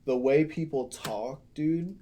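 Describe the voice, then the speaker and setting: A man's voice: on the high side, slow, dark tone, slight background noise. A man hosting a casual podcast, telling rambling, profane stories. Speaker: podcast host.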